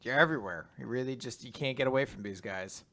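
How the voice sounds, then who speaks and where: A man's voice: mid-range voice, quick pace, fairly bright tone. A man co-hosting a podcast, chatting casually and riffing jokes with a laugh. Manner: jokey, riffs and laughs. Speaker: podcast co-host. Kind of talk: casual chat.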